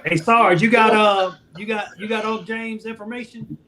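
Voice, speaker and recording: A man on a live panel call, telling stories in an upbeat, animated way. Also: high voice, moderate pace, heavy background noise. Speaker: panel guest. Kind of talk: casual panel chat.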